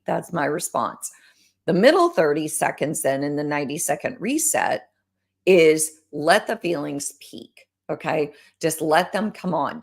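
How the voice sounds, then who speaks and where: Low-voiced woman coaching with lively pitch. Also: vocal fry. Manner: coaching, animated, addresses listener directly. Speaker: host. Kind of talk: instructional podcast talk.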